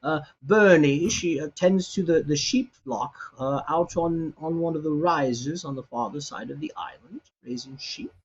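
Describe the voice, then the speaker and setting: A man's voice: on the high side, measured pace, hardly any pauses, dull audio, a little hiss or hum. A man voicing an elderly, kindly male cook who stammers and repeats himself eagerly.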